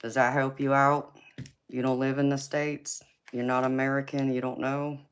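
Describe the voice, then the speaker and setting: A woman's voice: extremely low pitch, flat delivery, clean tone. A woman with a Southern accent hosting a live tarot reading stream, chatting casually with viewers and calling them baby. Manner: slow, drawling, calls viewers baby.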